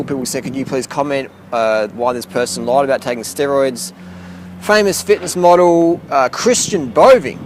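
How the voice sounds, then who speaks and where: Aussie fitness vlogger, blunt and profane, talks in rambling asides, a touch high-pitched, light street noise outside. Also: male voice. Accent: Australian. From South Australia. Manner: blunt, heavy swearing, rambling. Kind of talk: casual rant to camera. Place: outdoors near a boat, urban.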